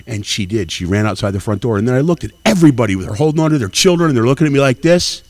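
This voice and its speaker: A man's voice: medium pitch, expressive, racing, no room sound. A man in his sixties from Tennessee, doing brash, profane stand-up at an open mic. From Nashville, Tennessee. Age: 60s. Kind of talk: stand-up comedy.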